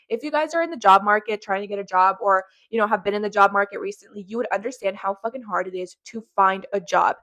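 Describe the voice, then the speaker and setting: A woman hosts a reaction commentary, speaking angrily and swearing often. Her voice sits at an ordinary middle pitch for a woman. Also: sharp tone. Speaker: commentary host.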